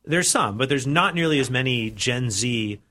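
A man in his forties joining a radio conversation, talkative and joking. His voice has a bright, forward edge. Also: mid-range voice, lively intonation, moderate pace. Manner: talkative, restarts and jokes. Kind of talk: casual radio chat.

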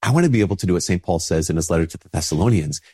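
Priest, low husky voice, stuffed up from a cold, chatty and informal. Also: male voice, lively intonation, very fast, darkish tone. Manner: conversational, informal, with many restarts and "like". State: sick with a stuffy nose. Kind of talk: casual spoken reflection.

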